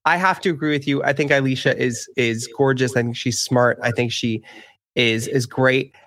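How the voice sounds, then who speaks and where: A man co-hosting a podcast in animated casual chat, full of restarts and opinions. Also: medium pitch, moderate pace. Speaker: podcast co-host.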